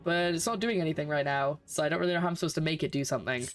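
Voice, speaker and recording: A streamer with a light Scottish accent talks through a game in casual let's-play commentary, at a mid-range pitch. They chat and think aloud while puzzling things out. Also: very fast, soft background music.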